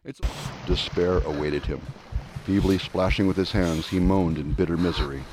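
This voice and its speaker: Low-voiced man reading steadily. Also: fairly even intonation, normal speed, background noise. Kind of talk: scripted voice-over reading.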